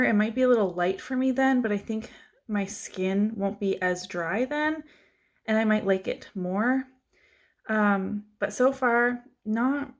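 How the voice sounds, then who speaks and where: A young adult woman vlogging in a casual, chatty and self-deprecating way, laughing often as she goes through her makeup drawer. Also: medium pitch. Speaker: beauty vlogger. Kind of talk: casual chat.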